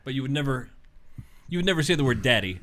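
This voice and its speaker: A man's voice: medium pitch, animated, fast, a bit bright. A man co-hosting a podcast in casual chat, teasing with dry quips. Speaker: podcast co-host.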